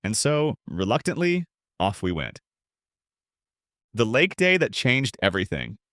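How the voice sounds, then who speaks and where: A middle-aged man, a pastor, narrating his own book in a measured, reflective storytelling manner. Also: medium pitch, sing-song, fairly bright tone, dry recording, studio quality. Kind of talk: scripted audiobook narration.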